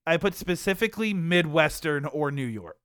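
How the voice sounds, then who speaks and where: Bright-voiced young man, animated. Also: a little high, moderate pace, clear, resonant tone, no echo, clean studio sound. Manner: animated, laughs often. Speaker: podcast co-host. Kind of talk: casual chat.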